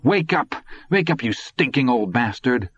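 A man's voice: mid-range voice, a little fast, breathy edge, dull audio, pitched above the performer's own voice, close to an everyday voice. A man voicing a frantic teenage boy in a crime audiobook, strained and panicky.

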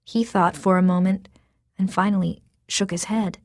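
A woman reading a story aloud in a soft, measured way that sometimes drops to a whisper. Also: mid-range voice, fairly even intonation, no room sound, clean studio sound. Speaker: narrator.

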